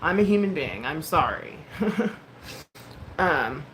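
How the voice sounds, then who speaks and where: A woman's voice: deep voice, big pitch swings, slow. A woman in her thirties chatting casually on a livestream, candid and emotional, swearing freely and full of likes and ums. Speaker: livestream host. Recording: noticeable background noise.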